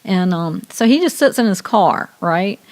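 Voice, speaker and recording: A woman with a Southern US accent, co-hosting a radio show in casual chat, talkative and quick to laugh as she tells long stories. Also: medium pitch, animated, darkish tone. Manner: chatty, laughs often, tells stories at length.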